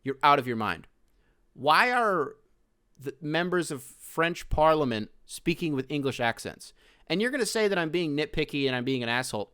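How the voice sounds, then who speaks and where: A man's voice: a little high, moderate pace, clean tone, no echo, clean studio sound. Profane ranting male podcast host. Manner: profane, animated ranting with loud outbursts. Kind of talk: casual solo rant.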